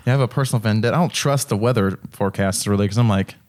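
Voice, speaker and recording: A man's voice: fairly low pitch, rapid-fire, darkish tone. A man co-hosting a podcast, chatting casually, swearing freely and joking around. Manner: joking, laughs often, swears. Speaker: podcast co-host.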